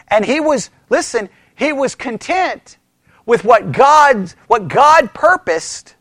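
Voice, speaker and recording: A man gives an informal Bible study in a church, talking with emphatic energy and acting out voices as he goes. His voice sits very high and swoops widely in pitch. The sound is dry and close, with little room echo. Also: takes it slowly. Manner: animated, emphatic, acts out voices. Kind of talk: informal teaching sermon.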